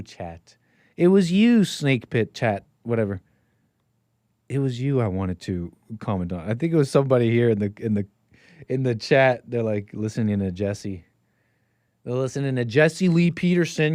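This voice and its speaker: A man hosting a call-in livestream, talking casually to his chat, rambling and teasing, with sudden loud bursts and mumbled asides. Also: mid-range voice, no room sound, clean studio sound. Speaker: host of a call-in livestream show.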